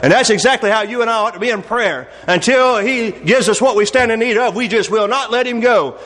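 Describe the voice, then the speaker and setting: A man's voice: sits high, a little fast, a bit bright. A man preaching a sermon in a folksy, conversational way, full of rhetorical questions. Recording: long reverb of a large hall.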